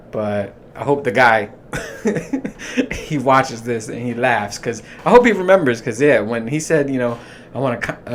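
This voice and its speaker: A man in his thirties hosting a podcast, telling his stories in a casual, profane, animated way and laughing as he goes. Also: mid-range voice, slight background noise. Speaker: podcast host. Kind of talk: casual storytelling monologue.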